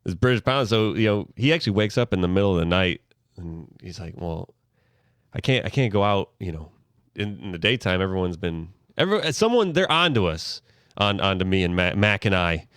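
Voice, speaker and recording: A man co-hosting a podcast, telling a comic story in an animated way, jumping into falsetto for characters and laughing often. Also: fairly quick, clean tone, no room sound, studio quality. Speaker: podcast co-host. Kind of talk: casual comedic storytelling.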